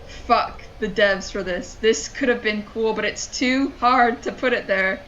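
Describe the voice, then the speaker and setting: Woman gamer, home stream, exasperated swearing commentary, unhurried delivery, faint noise behind. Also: a little high, fairly bright tone, dull audio. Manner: frustrated, swearing, talking to herself and chat. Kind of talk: casual gameplay commentary.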